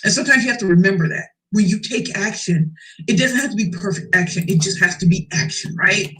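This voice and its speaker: Give me a forceful, preacherly woman speaker at a live event who repeats her punchlines for effect. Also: mid-range voice, fairly quick, poor audio. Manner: emphatic, preacherly, repeats key phrases, addresses crowd as y'all. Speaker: motivational speaker. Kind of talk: motivational keynote storytelling.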